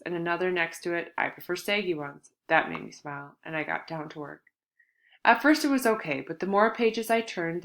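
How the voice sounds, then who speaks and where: A woman's voice: on the low side, sharp tone. A woman reading a first-person novel as an audiobook, in an earnest, confiding storytelling manner. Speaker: audiobook narrator.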